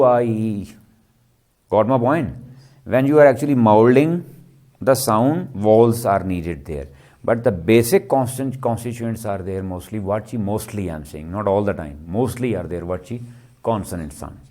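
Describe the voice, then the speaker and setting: A man teaches a class. He answers his own questions as he goes. His voice is warm and mellow, and he keeps checking whether the students are following. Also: on the low side. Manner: checks understanding with frequent "clear?" and "ji". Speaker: lecturer. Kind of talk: classroom lecture.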